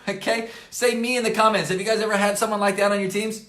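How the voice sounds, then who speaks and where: A man coaching on camera from his office desk, slightly hoarse, talking emphatically, repeating key points and dropping "right?" and "okay?" between phrases. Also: high voice. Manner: energetic and emphatic, fills pauses with "right?" and "okay?". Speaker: network marketing coach. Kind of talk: motivational coaching talk to camera. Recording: roomy echo.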